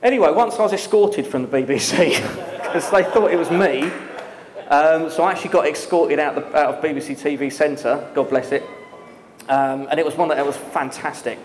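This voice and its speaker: A man telling a lively story to an audience at a live talk, laughing often and using many fillers. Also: on the high side, moderate pace, a crowd in the background. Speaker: guest speaker. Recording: echoey hall with long reverb.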